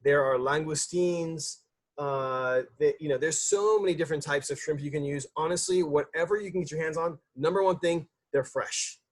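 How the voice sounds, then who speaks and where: A man's voice: a little high, moderate pace. A man, a chef, giving a casual cooking demonstration in a loose, chatty way with lots of fillers and restarts.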